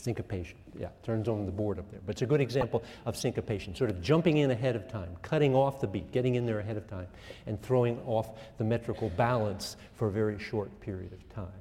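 A man's voice: lowish voice, quick pace. Older male professor in an echoey hall. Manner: lively, self-mocking, asks the class questions. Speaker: music professor. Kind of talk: classroom lecture. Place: lecture hall.

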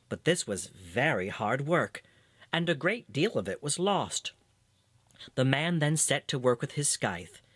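A narrator reading a fairy tale aloud with expressive storytelling. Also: husky, no echo. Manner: expressive storytelling, varied in pitch.

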